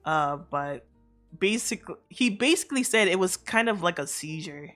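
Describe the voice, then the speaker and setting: A woman's voice: fairly low pitch, lively intonation, normal speed, a bit bright. A woman streamer telling a casual, rambling story to her chat, full of fillers, restarts and the odd swear word. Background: faint background music.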